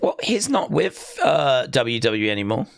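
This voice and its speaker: A young man hosting a live wrestling watch-along, calling the action and chatting with viewers, often shouting at big moves. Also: medium pitch, sing-song, normal speed, creaky, no room sound.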